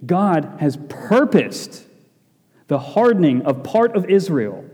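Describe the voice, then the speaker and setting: A man with a high, sing-song, slightly mellow voice preaches a Bible sermon to a congregation, taking it slowly. He is emphatic, repeats key phrases, and poses rhetorical questions. The church hall with its congregation gives the recording a long, echoey reverb.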